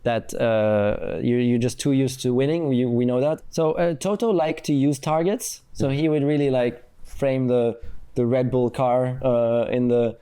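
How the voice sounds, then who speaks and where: A man in his thirties, a former racing driver, telling stories as an interview guest in a lively, animated way. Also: mid-range voice, unhurried, clear, resonant tone. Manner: animated, acts out quotes, frequent fillers. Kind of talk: conversational storytelling interview.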